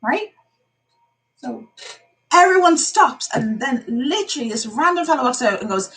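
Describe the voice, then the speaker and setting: A woman's voice: sits high, sing-song, normal speed, pauses often, a bit bright. An Irish woman in casual chat, telling stories animatedly, acting out what people said and laughing often. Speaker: vlogger telling stories to family.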